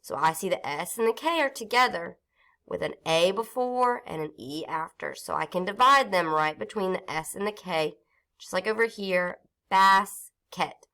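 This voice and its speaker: A reading teacher with a somewhat low voice guides young children through a phonics lesson. She sounds out each syllable slowly and clearly. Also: animated, sharp tone.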